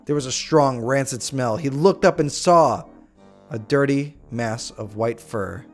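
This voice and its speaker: A young man streaming, reading viewer stories aloud with jokey, excitable asides. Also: medium pitch, measured pace, soft background music.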